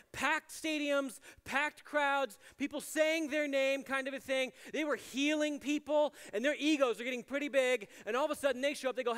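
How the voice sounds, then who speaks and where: Chatty high-voiced man preaching in a chapel. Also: a bit bright, smooth. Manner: chatty, with many "like" fillers and playful asides. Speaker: chapel ministries director. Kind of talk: casual conversational sermon. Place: university chapel. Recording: long hall reverb in a chapel.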